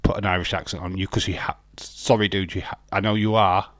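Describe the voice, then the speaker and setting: A man's voice: low-pitched, fairly even intonation, a little fast, a bit bright, dry recording. A man hosting a live watch-along, chatting casually and joking with his viewers, often laughing. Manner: talks to viewers and chat by name. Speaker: livestream host.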